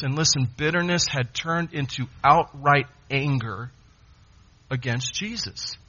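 A man preaching a sermon, emphatic, with dramatic pauses. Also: fairly high pitch, pushed and bright, husky, dull audio.

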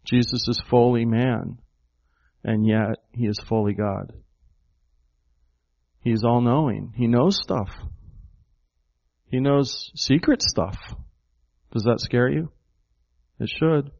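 A man's voice: medium pitch, slow pace, creaky, long pauses, a little mellow, highs cut off. A man preaching a sermon, emphatic and full of rhetorical questions to the congregation. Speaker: pastor.

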